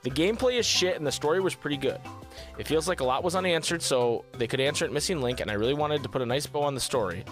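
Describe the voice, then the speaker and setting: A man's voice: on the high side, fast talker, faint music behind. A man co-hosting a casual gaming podcast, reading viewer comments aloud and riffing on them. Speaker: podcast co-host reading chat.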